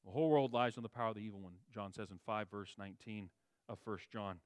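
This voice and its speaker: A man preaching a sermon, stressing key words with a raised voice and dropping to quiet low asides, restating phrases for emphasis. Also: quick pace, no room sound. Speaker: pastor.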